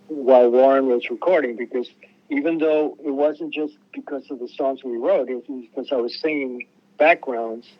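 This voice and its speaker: Older man, rambling lo-fi storyteller. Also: mid-range voice. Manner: rambling, many restarts, acts out quotes. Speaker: musician guest. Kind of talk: casual storytelling interview. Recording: muffled lo-fi radio sound.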